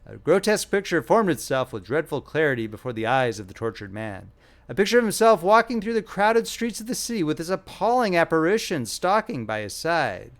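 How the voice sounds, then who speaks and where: A male audiobook narrator reading a classic short story with lively, animated intonation. His voice sits fairly high for a man, and his delivery is expressive storytelling. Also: a little fast.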